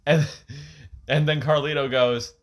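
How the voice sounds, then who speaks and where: A man's voice: on the high side, fairly even intonation, measured pace. A man co-hosting a casual podcast, eagerly recapping stories and laughing often. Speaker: podcast co-host. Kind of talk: casual chat.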